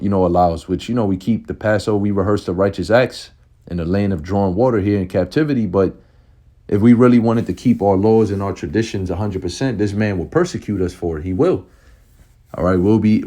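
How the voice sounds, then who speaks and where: A man's voice: on the low side, darkish tone. A man preaching on scripture in a heated, profane way, often ending phrases with "man". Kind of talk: fiery scripture study talk.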